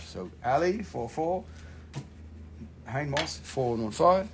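Hosting a live-stream crystal sale, a man chats casually, jokes around, and swears freely. His voice sits a little high with lively intonation, moving slowly with frequent pauses over a slight hiss or hum.

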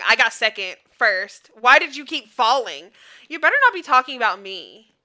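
A woman's voice: on the high side, lively intonation, normal speed, pushed and bright. A woman streamer giving casual commentary on her gameplay, playful and full of slang, teasing other players and laughing often. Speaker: gaming streamer.

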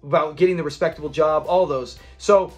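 A man's voice: a little high, steady tone, fairly quick, faint music behind. A man recapping a sitcom episode in a casual, enthusiastic, rambling way. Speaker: episode reviewer.

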